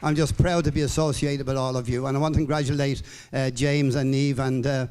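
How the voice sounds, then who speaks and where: An older man from Ireland in his seventies addresses a room in a steady middle-pitched voice. His speech is upbeat and rambling, with many fillers and restarts, as he thanks his audience and colleagues. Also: brisk, smooth. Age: 70s. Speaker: company distributor giving a speech. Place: hall with an audience.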